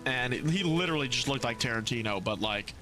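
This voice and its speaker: Young male streamer, casual and animated, pitch jumping all over, reads chat aloud and restarts sentences. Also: fast talker. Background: music.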